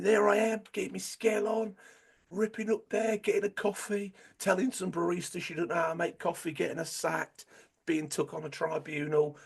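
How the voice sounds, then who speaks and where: A man putting on a hyped-up Cockney voice as an overexcited, cocky young man, shouting and making sound-effect noises. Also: on the high side, creaky, husky, voice pushed up.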